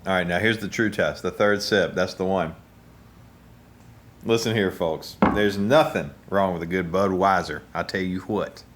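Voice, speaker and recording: A man giving casual, joking taste-test commentary as a host, rambling and halting with fillers. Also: sits low, a little hiss or hum. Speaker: musician reviewing drinks.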